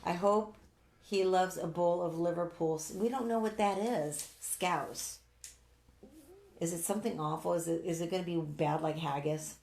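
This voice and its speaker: Chatty woman with a gravelly voice. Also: lowish voice, fairly even intonation, moderate pace, a little mellow, reverberant. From United States. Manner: chatty, reads comments aloud, laughs easily. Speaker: live stream co-host reading viewer comments. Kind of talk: casual live chat.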